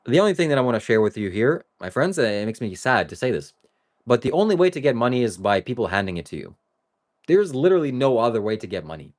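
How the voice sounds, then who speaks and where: A man's voice: medium pitch, sing-song, quick pace. A man talking to his live-stream viewers in a rambling, casual way that swings between joking and earnest. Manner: talks straight to viewers. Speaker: livestreamer.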